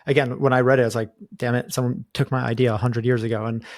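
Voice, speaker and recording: A man hosting a podcast and working as a coach, explaining his ideas in a steady, conversational way. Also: medium pitch, fast, no echo. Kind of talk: casual conversation.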